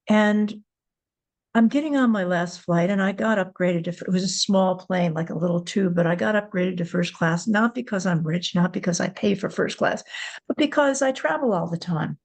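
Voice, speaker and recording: An older woman talks candidly on her podcast, retelling an encounter. Her voice climbs sharply when she acts out what was said, and she drags words out for weight. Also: gravelly. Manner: animated, rising pitch when retelling dialogue. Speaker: podcast host. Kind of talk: candid personal storytelling.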